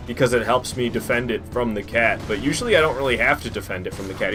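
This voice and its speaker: A man's voice: medium pitch, fast talker, few pauses. A man streaming a game, talking casually and swearing a lot as he rambles and reacts. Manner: profane, excitable, rambling. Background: faint game music.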